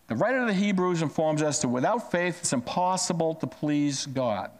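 A male pastor delivers a sermon in a fairly high, very lively voice. He leans hard on key words, dropping low to land them. He poses questions to the congregation and answers them himself. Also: normal speed. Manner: emphatic, drops pitch to stress key words; asks and answers his own questions.

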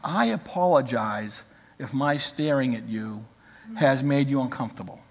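A man voicing a polite, wistful little old lady in a sermon story, speaking slowly and pleadingly. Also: medium pitch, expressive, gravelly, in a large hall, pitched below the performer's own voice.

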